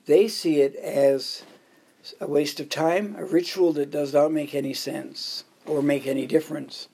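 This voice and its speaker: A pastor delivers a sermon in a slightly high, steady voice at a measured pace, creaky and a little mellow with a breathy edge. He tells jokey anecdotes and counts off his points in order.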